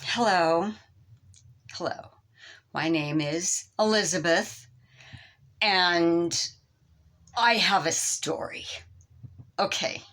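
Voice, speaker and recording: A woman performing a comedy sketch monologue, telling a story with animated, exaggerated exclamations. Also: on the low side, drawn-out words, long pauses. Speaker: comic storyteller.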